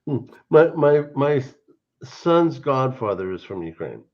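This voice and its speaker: Lively man on a call. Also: mid-range voice, unhurried. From Serbia. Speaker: guest on a livestream. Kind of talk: casual chat. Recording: dull lo-fi call over hotel internet.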